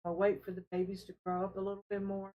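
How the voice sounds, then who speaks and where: A woman hosting a casual fish-keeping live stream from her home fish room, talking in an unhurried, friendly way with fillers as she carries her camera from tank to tank. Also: medium pitch, monotone, phone-quality sound. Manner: unhurried, friendly, talks while showing tanks, with fillers. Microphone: handheld camera she carries around.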